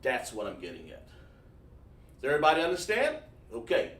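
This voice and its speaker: A man's voice: medium pitch, wildly swooping pitch, brisk, fairly bright tone. Man teaching, echoey and far off. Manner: questioning, coaxing students to answer. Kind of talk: online lesson. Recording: echoey room, far from mic.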